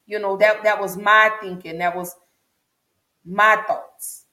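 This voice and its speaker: A woman's voice: medium pitch, fairly even intonation, slow, bright, forceful tone. A woman telling her own story as a vlogger, repeating herself for emphasis and speaking straight to her viewers. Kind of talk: personal storytelling vlog. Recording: echoey room.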